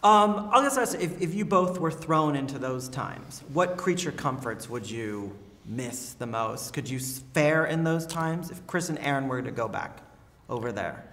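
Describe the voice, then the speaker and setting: A male interviewer asking playful questions, excitable and quick to swear when surprised. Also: mid-range voice. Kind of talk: casual entertainment interview. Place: outdoors at a castle in Scotland.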